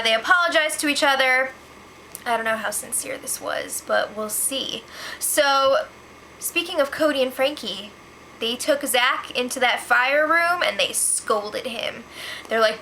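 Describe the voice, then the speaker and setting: Young woman doing a gossipy recap, high voice, bright, kinda chatty. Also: a little hiss or hum. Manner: chatty, gossipy, quick asides. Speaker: reality show recap host. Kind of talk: casual spoiler recap.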